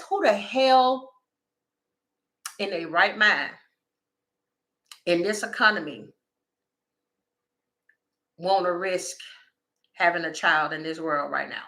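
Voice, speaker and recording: A woman, doing a casual livestream tarot reading and talking straight to her viewers in a chatty, animated way. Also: medium pitch, slow pace, pauses often. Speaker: tarot reader.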